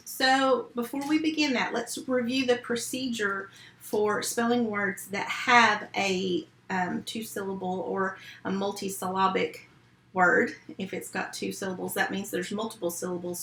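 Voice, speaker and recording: A woman's voice: mid-range voice, steady tone, fairly bright tone, reverberant, a little hiss or hum, rough recording. A woman teaching a remote phonics lesson to first graders, walking through each sound and word step by step with patience. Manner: slow, patient step-by-step instruction.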